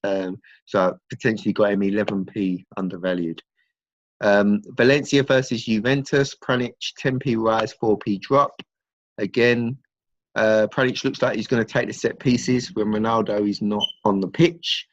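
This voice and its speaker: A man, casually explaining a trading strategy in loose, relaxed talk and running through figures. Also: on the low side, normal speed, no room sound. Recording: dull lo-fi dry recording.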